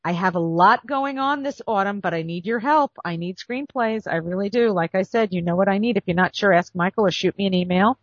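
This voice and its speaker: Chatty husky woman, dry lo-fi audio. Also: mid-range voice, fairly quick, few pauses, no echo. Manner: chatty, self-deprecating, folksy asides. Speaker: podcast host and script editor. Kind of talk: casual monologue. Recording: dull dry lo-fi recording.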